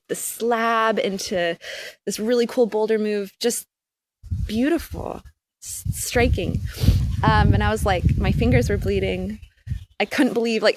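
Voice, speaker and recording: A woman, a climber, telling a story as a podcast guest in a casual, animated way full of "like" fillers. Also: fairly high pitch. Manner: animated, filler-heavy "like" speech.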